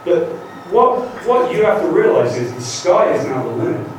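A British man in his forties gives a conference talk, joking and acting out what others say. His voice sits a little high for a man. He was recorded from far back in a big, echoing lecture hall with a faint hiss underneath. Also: normal speed. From Great Britain. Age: 40s. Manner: lively, joking, acts out quotes. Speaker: guest lecturer. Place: large university lecture hall. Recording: echoey hall taped from far off.

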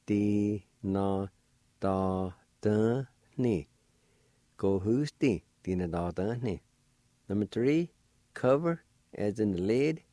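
A man with a low, mellow voice leads a radio language lesson at a very unhurried pace. He spells each word letter by letter and sounds out every syllable with deliberate care. The recording is close and dry. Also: animated, dry recording. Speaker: language teacher.

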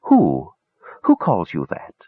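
Casting: male reader voicing a kindly purring house cat, coaxing and husky, storybook audiobook. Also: low voice, wildly swooping pitch, slow pace, dry recording, narrow, tinny audio, exaggerated voice. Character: gentle, watchful male cat who purrs.

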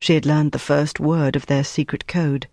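Steady, dry audiobook narrator. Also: mid-range voice, moderate pace, no room sound. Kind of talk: scripted narration.

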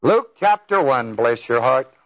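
A man's voice: medium pitch, expressive, measured pace. A man preaching a sermon in a folksy, emphatic way, with exclamations. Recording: dull lo-fi tape.

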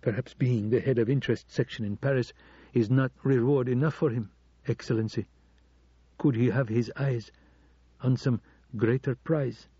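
A scheming embassy administrator who stays respectful while dropping sly hints, as an audiobook reader plays him. The voice is husky and dark. The recording is dry and dull, like an old cassette. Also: male voice, medium pitch, fairly even intonation, normal speed, no echo, natural voice. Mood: insinuating. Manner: quiet, respectful, insinuating.

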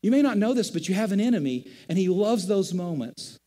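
A middle-aged man, a pastor, preaching a sermon in a conversational, animated storytelling manner. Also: high-pitched, a little fast, big-room sound.

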